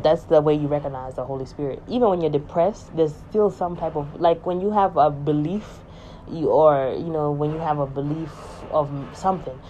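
Low mellow woman musing aloud. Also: muffled recording, slight background noise. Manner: rambling, emphatic, repeats herself. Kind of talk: casual spiritual monologue.

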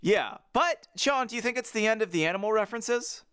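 A man's voice: high voice, lively intonation, brisk, fairly bright tone, clean tone, no echo, studio quality. A man co-hosting a casual podcast, reading a book aloud with jokey asides and big put-on voices. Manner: jokey, goes big on voices and sound effects. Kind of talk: casual chat and playful read-aloud.

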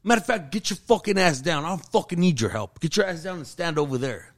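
A man, an army sergeant, telling a profanity-laced work story in casual chat and acting out shouted quotes. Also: on the high side, lively intonation, quick pace.

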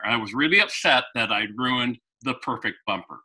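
Man, interview guest, lively anecdotal storyteller, very bright voice. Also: medium pitch, brisk, rough recording. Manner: animated anecdotal, with frequent restarts. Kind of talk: storytelling in conversation.

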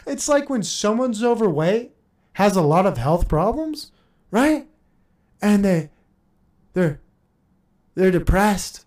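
A man's voice: high-pitched, sing-song, a little slow, long pauses, darkish tone. A man in his thirties hosting a podcast, ranting in a heated, profane and sarcastic monologue, laughing between points. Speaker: podcast host.

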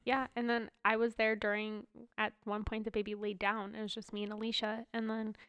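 Brisk and fairly bright, her medium-pitched voice barely moves in pitch as she chats casually beside her husband on their podcast. She's congested, laughs a lot, and keeps running out of breath. It's recorded on a close studio mic, clean and echo-free.

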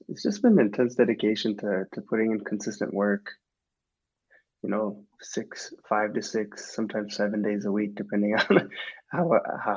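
A man's voice: lowish voice, creaky, darkish tone, husky, muffled recording. A man in his twenties from Minnesota, a podcast guest who talks in a loose, rambling way with many restarts. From Minnesota, USA. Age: 20s. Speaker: guest, professional soccer player. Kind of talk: casual podcast chat.

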